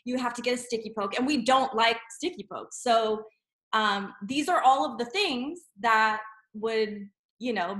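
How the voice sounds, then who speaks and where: A woman's voice: on the high side, fairly bright tone. A mother talking as a guest on a podcast, earnest and chatty, laughing as she speaks. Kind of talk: casual podcast chat. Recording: echoey room.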